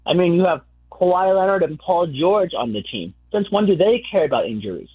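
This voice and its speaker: A man's voice: high voice, expressive, a little fast, a loud crowd. A male caller phoning in to a sports talk show, fired up and firing off questions. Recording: tinny phone line.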